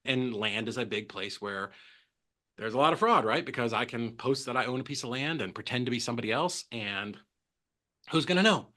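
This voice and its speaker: Bright, animated man telling stories. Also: a little fast. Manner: animated, jumps in pitch, acts out quotes. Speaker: guest, real estate transaction coordinator. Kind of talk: casual podcast storytelling.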